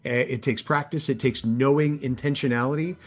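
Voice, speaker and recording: A man talking shop as an interview guest, a working voice actor who can't explain a voice without doing it. His pitch keeps leaping up high and dropping low as he demonstrates, over an ordinary mid-range speaking voice. The talk stays loose and chatty. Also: fairly even intonation, fairly quick. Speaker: audiobook narrator and voice actor, guest. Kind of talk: casual interview chat.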